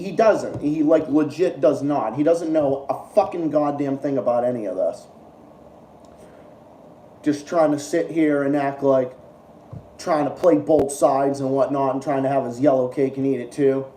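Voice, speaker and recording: Young guy ranting on a home stream, lots of swearing, dark mellow tone, sits back from the mic in an echoey room. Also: mid-range voice, recorded from a distance, slight background noise. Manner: profane, repetitive, exasperated ranting. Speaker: political livestream host. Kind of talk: ranting livestream commentary.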